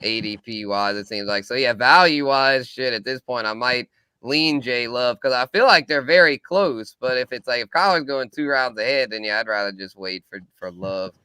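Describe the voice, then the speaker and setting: A man's voice: medium pitch, normal speed, sharp tone, clean tone, dry recording. A man hosting a casual sports podcast, laid-back and thinking aloud with frequent restarts. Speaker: podcast host.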